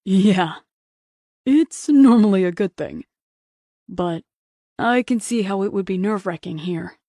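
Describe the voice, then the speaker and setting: A woman voicing a gentle, patient young man as a lover in an audiobook, speaking softly and reassuringly. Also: medium pitch, a little slow, dry recording, studio quality, close to an everyday voice. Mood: tender. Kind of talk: audiobook character voice.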